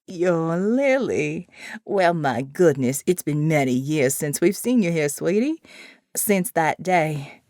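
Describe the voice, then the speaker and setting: A woman voicing a kindly, fussy old church sister who speaks in a motherly way, lower than her narration. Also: lively intonation, takes it slowly, a little mellow, no room sound, clean studio sound. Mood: fond.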